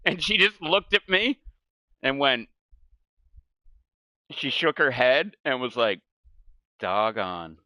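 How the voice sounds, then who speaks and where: A man's voice: a little high, expressive, slow pace, long pauses, bright, forceful tone, no echo. A middle-aged man streaming a game from home, rambling through casual chat with swearing and laughing at his own stories. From United States. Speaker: gaming streamer. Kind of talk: casual chat while gaming. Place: home gaming setup.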